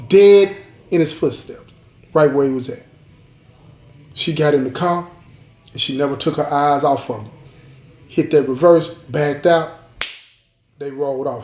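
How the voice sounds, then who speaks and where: A storyteller host with a mid-range, slightly mellow voice speaks a little slowly, leaving long pauses. He tells his viewers a dramatic story directly, emphatic and repeating the key lines. The recording has a roomy echo.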